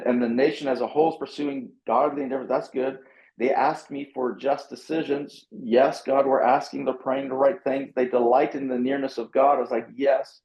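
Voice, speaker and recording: A male pastor, mid-pitched, retells a passage of scripture in lively conversation and playfully acts out his own inner responses. His voice rings in a roomy, echoing space. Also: lo-fi sound. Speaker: pastor and author, guest. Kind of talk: animated conversational storytelling, reading scripture aloud.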